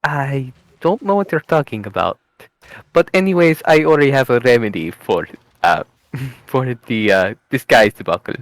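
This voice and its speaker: At a moderate pace, a man with an expressive mid-range voice plays a tabletop role-playing game, hopping between his own voice and his character's in a playful, laughing, theatrical way. The casual in-character play is captured in a rough recording with no room sound.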